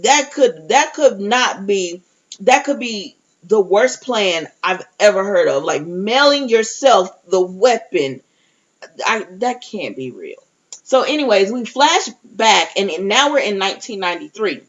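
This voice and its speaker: A chatty woman recaps a TV episode for her viewers, and her pitch swings widely as she goes. She talks straight to the audience and keeps restarting her sentences. The audio is dull and lo-fi. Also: very animated, measured pace. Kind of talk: casual recap and review.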